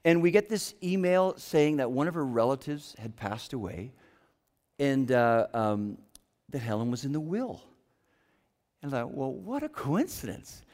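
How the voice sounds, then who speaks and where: A man preaching a sermon, telling a personal story and sometimes dropping to a hush for quoted lines. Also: mid-range voice, a little slow, long pauses. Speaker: pastor. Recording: long hall reverb.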